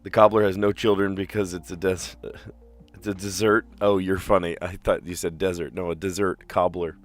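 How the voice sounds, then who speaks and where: A man streaming a puzzle game, chatting casually and thinking aloud with fillers, clearing his throat now and then. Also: low voice, little pitch movement, normal speed. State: slight cough, clearing throat. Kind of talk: casual live-stream chat while solving puzzles.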